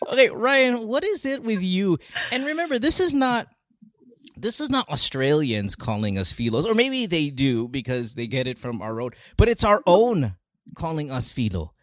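A man's voice: high-pitched, sing-song, normal speed, no echo, clean studio sound. A man from the Philippines hosting a call-in podcast over a video call, ranting with lots of swearing and laughter. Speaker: podcast host taking callers. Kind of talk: casual chat.

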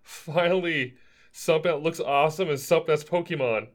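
A man co-hosting a gaming podcast in casual chat, excitable and playful, acting out the voices of people he quotes. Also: on the high side, a little fast. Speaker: podcast co-host.

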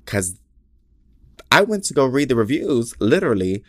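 A man's voice: medium pitch, big pitch swings, normal speed, no room sound, studio quality. A man hosting his own podcast, talking in a casual, candid and profane way and joking about himself, into a small mic. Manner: chatty, candid and profane, self-mocking. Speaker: podcast host. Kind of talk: casual chat.

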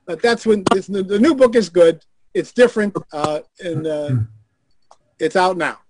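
An older man, a guest on a video call, telling animated, profane stories and acting out the voices of the people he quotes. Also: high-pitched, normal speed, slight background noise. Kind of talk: anecdotal storytelling.

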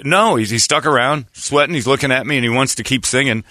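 A man's voice: mid-range voice, fast talker, no room sound, studio quality. A man hosting a radio show, telling a story in casual chat and acting out the people he quotes. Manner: animated storyteller, acts out quoted voices.

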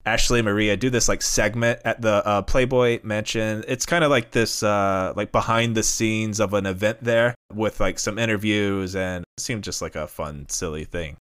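Lower-voiced male podcast host, smooth. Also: normal speed, few pauses. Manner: relaxed storytelling with fillers. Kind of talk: casual narration of a story.

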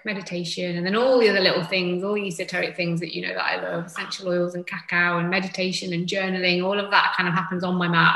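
A woman, a yoga teacher speaking gently and reflectively as a podcast guest. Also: lowish voice, echoey room, low-quality recording. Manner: gentle, reflective, with soft fillers. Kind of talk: casual conversation.

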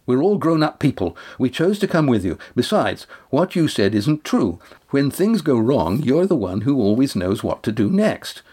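A man voicing a young woman who speaks in a gentle, reassuring way in an audiobook. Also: mid-range voice, sing-song, normal speed, few pauses, slightly rough, voice pushed up. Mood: tender. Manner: reassuring, coaxing. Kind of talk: audiobook character voice.

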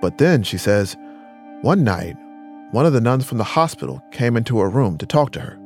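A man narrating a documentary story in a measured, scripted way. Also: medium pitch, lively intonation, darkish tone, soft background music.

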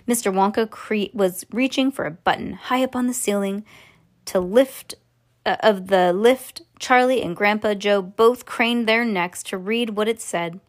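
A woman casually reading a storybook aloud to children, relaxed and sometimes stumbling over words. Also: medium pitch. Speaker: reader to children.

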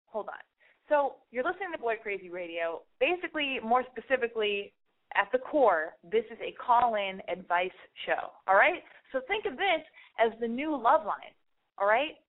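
A woman hosting a call-in advice podcast, talking fast and frantic, swearing freely and mocking herself. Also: a little high. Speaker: podcast host. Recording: tinny phone-like sound.

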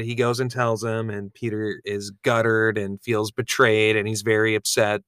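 Bright, crisp-voiced man joking crudely. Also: lowish voice, steady tone, normal speed, no room sound, clean studio sound. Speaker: podcast co-host recapping a reality show. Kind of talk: casual chat.

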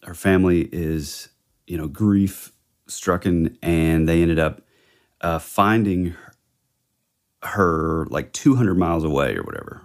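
A man's voice: low voice, slow. A man co-hosting a podcast, thinking aloud hesitantly in casual true-crime chat. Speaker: podcast co-host.

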